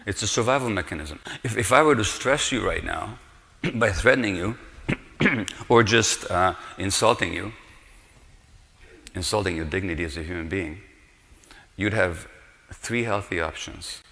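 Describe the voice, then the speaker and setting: Older guy, deep voice, earnest emphatic lecture, big echoey hall. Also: unhurried, vocal fry, long pauses, bright, forceful tone. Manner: earnest, emphatic, with rhetorical questions. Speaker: speaker giving a lecture. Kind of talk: public lecture. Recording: long reverb of a lecture hall.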